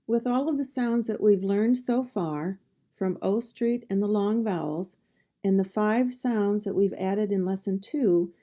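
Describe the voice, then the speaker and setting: A woman's voice: mid-range voice, measured pace, warm tone. A woman teaching a phonics lesson, sounding out words one sound at a time and then saying each word whole.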